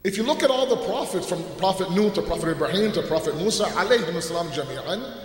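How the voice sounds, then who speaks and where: Big booming guy preaching, fairly high voice, lots of echo, long hall reverb. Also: quick pace, a little hiss or hum. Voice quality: loud, booming. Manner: earnest and animated, with humorous asides. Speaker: religious lecturer. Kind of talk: sermon. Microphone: held away from the mouth.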